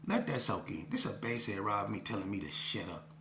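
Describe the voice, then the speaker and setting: A man's voice: lowish voice, very animated, quick pace, bright, forceful tone. A man telling a personal story in a casual, slangy way, often saying "you know what I'm saying". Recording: roomy echo, faint hum.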